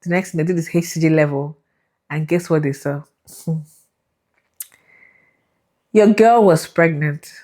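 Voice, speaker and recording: Animated woman with a low voice. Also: fairly quick. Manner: animated, laughing, acts out voices in her story. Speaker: vlogger sharing a faith testimony. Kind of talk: emotional personal storytelling.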